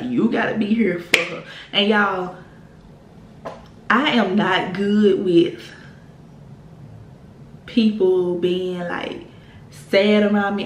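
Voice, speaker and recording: A young woman from the American South tells a rambling storytime with plenty of cursing and filler words, her pitch sitting right in the middle. Her voice bounces around an echoey room. A faint hiss runs underneath. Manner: animated, profane, rambling with many fillers. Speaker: vlogger telling a story. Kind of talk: casual storytime.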